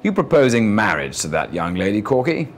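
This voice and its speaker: A man's voice: low voice, very animated, unhurried, gravelly, faint music behind, full character voice. A man voicing a wealthy older Englishman who speaks in a lazy, upper-class slur and clipped phrases. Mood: lazy, drawling. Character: lazy, rich older Englishman, drawling arms dealer.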